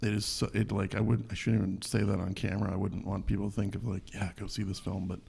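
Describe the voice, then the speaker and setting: A man from Minnesota, a guest musician, telling animated stories in casual podcast chat and swearing freely. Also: fairly low pitch, fast talker. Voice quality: gravelly, husky.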